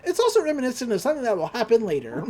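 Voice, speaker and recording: A chatty woman retelling a cartoon episode on a podcast, full of "like" and "uh". Her pitch is lively and expressive, swinging up and down as she narrates. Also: racing. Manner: chatty, animated, filler-heavy. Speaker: podcast host. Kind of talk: casual episode recap.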